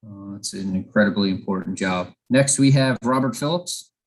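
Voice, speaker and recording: A man's voice: on the low side, normal speed, poor audio. A man chairing a legislative committee hearing, thanking witnesses courteously.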